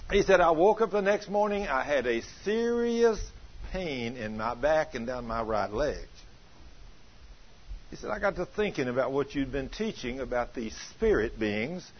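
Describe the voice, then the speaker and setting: A man's voice: fairly high pitch, husky. A man preaching a sermon in a church, retelling a testimony in a folksy way and asking the congregation questions. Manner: folksy, rising to shouts, asks the congregation questions. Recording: dull lo-fi sermon recording.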